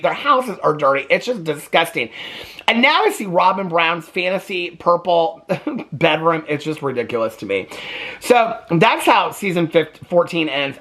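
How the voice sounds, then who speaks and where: A man's voice: fairly high pitch, a bit bright. A man hosting a reaction channel, chatting sarcastically about a TV show, laughing often and adding "okay?" as he goes. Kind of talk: casual reaction commentary.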